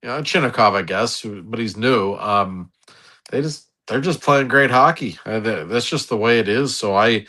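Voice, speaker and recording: A man's voice: fairly low pitch, bright, forceful tone. A man co-hosting a podcast, chatting casually and earnestly about hockey, often restarting his sentences. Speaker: podcast co-host. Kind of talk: casual sports chat.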